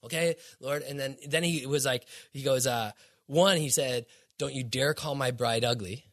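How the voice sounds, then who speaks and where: A man's voice: mid-range voice, moderate pace, fairly bright tone. A middle-aged man giving an earnest, casual faith testimony as a podcast guest, full of acted-out quotes.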